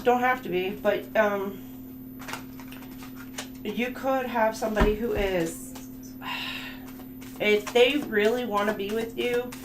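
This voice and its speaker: A woman gives a livestream tarot reading in a chatty, emphatic way, blunt when she makes her points. Her voice sits at an ordinary pitch for a woman. The room rings with echo, and music plays behind her. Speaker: tarot reader. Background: background music.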